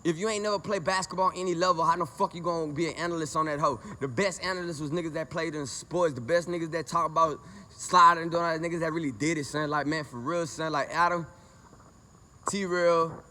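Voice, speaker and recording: A man's voice: a little high, fairly even intonation, a little fast, pushed and bright. A man from Lake Charles, angry and confrontational, ranting profanely to camera. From Lake Charles, Louisiana, US. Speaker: vlogger. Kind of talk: heated rant to camera.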